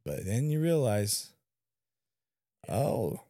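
A young adult man spins a rowdy story on a casual podcast, his low voice swooping up and down as he acts out the lines. He swears freely. The sound is dry and close. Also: a little fast, no echo. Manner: animated storyteller, swearing, acting out quotes. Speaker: podcast co-host. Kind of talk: casual chat.

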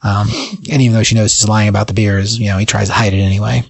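A man's voice: fairly low pitch, flat delivery, fast, creaky, breathy edge, no room sound. A man co-hosting a podcast, casually retelling a comic book's plot in a rambling way, full of fillers. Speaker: podcast co-host. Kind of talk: casual comic book recap.

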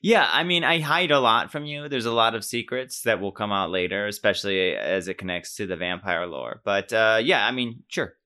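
A man's voice: fairly low pitch, normal speed, hardly any pauses, pushed and bright. A young man co-hosting a podcast in casual chat, joking and rambling with many fillers. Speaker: podcast co-host.

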